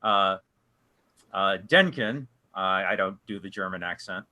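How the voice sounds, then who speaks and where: Bright-voiced man leading a casual discussion. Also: low-pitched, little pitch movement, a little slow. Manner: rambling, with many restarts and fillers. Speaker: discussion group leader.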